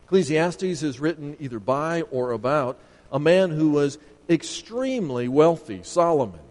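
A man preaching a sermon, emphatic and building to sharp, rising points as he makes his case. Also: a little high, animated, moderate pace, big-room sound.

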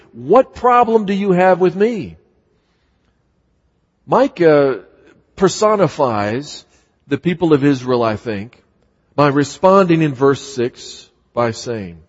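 A fairly high-voiced man preaches with emphatic, repetitive delivery, acting out scripture passages. His voice is husky, and the muffled recording carries a long reverb from a large church hall. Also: animated, measured pace. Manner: emphatic, repeats words, voices scripture quotes dramatically. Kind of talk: sermon.

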